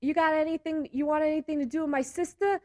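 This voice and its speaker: A woman's voice: high-pitched, steady tone, quick pace, warm tone, no echo, pitched above the performer's own voice, natural voice. Woman putting on a swaggering mob boss. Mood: menacing. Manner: threatening, exaggerated tough-guy delivery. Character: tough male mob boss, menacing, mock-Italian.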